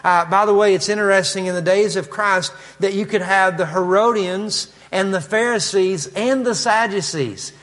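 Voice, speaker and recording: A man's voice: sits high, moderate pace, few pauses, fairly bright tone, long reverb tail. A man with a Kentucky accent preaching a conversational expository sermon, with asides and frequent fillers. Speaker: pastor.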